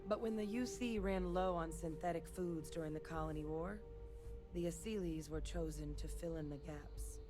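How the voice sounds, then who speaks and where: An actress voicing a woman in a video game who briefs the player on a creature in a brisk, matter-of-fact way. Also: on the low side, close to an everyday voice. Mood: informative. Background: game music.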